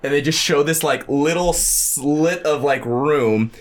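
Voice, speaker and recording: A man's voice: on the high side, measured pace. A man in casual chat, eagerly retelling movie scenes and quoting lines, full of "like" and swearing. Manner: animated retelling, quotes lines with lots of "like". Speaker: podcast co-host discussing a movie.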